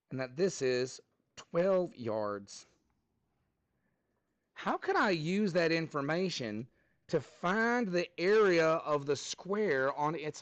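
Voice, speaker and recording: A man's voice: on the high side, no echo. A man teaching a math class, upbeat and prompting students for answers.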